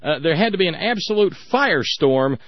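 A man's voice: on the high side, animated, brisk, no room sound, muffled recording. A man hosting a radio talk show, giving sarcastic, emphatic commentary with frequent restarts.

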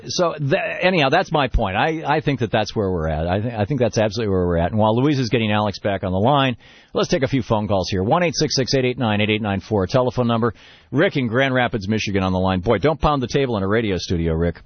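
A man's voice: on the low side, expressive, fast, no room sound, highs cut off. Ranting male talk radio host. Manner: rambling storyteller, building to emphatic rant. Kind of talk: political talk radio monologue. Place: radio studio.

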